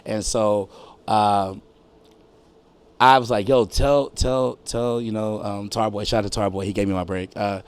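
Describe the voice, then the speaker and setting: A middle-aged man and music producer from St. Louis, telling stories in a casual interview, animated and swearing freely. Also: lowish voice, unhurried, clean tone. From St. Louis, USA. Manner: animated storyteller who acts out quotes, swears freely.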